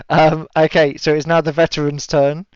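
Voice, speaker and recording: A man's voice: a little high, clean tone. A man running a tabletop game as game master, chatty and laughing often, with lots of fillers. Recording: dull lo-fi audio.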